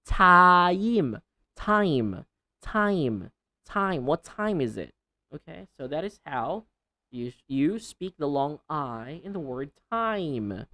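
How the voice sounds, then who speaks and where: A woman teaching English pronunciation, repeating sounds and words over and over, slow and deliberate, with playful asides. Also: low voice, sing-song, bright, forceful tone. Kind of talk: pronunciation lesson.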